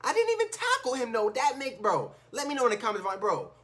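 A man commentating his own video game play in his room, slangy and excitable, swinging from low muttering to loud shouts. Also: a little fast. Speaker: gaming YouTuber. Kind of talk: live gameplay commentary. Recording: music playing behind.

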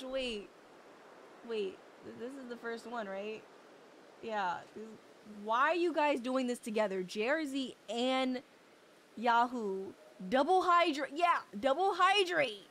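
Lively high-voiced young woman streamer. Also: a little slow, a little hiss or hum. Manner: playful, bursts into squeals and laughs. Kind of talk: live gameplay stream chat.

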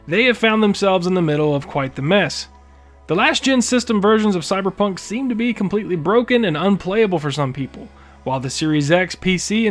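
High-voiced man, emphatic game commentary. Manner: emphatic, indignant, sarcastic. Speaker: gaming YouTuber. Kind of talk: opinionated commentary.

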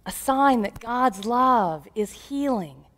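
A woman pastor preaching a sermon, telling stories in an animated, humorous way. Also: a little high, slow pace.

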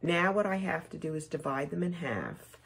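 A woman's voice: sits low, animated, normal speed, creaky, slightly rough. A woman teaching quilting, chatting casually to viewers as she sews. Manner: chatty, talks to viewers while working. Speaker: quilting instructor. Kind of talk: casual sewing tutorial.

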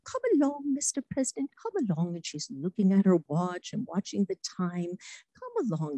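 Woman, middle-aged, dry close sound, lively anecdotal talk. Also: lowish voice, dry recording, low-quality recording. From United States. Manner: lively anecdotes, acts out quotes, laughs often. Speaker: former diplomat giving a talk. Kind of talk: storytelling talk.

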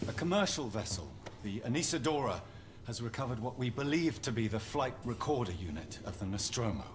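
An actor with a Hollywood-style British accent playing a measured, persuasive corporate agent in a video game, heard over noisy game audio. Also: male voice, mid-range voice, expressive, close to an everyday voice. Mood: calm. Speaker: game character.

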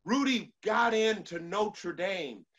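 A man's voice: high-pitched, lively intonation, slow pace, fairly bright tone, highs cut off. A man giving a motivational speech to an online audience, preacherly, repeating lines for emphasis and leading call-and-response. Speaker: motivational speaker.

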